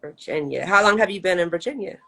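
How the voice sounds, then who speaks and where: A woman hosting a casual online interview over a video call, animated and chatty, laughing often. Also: on the low side, quick pace. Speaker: host.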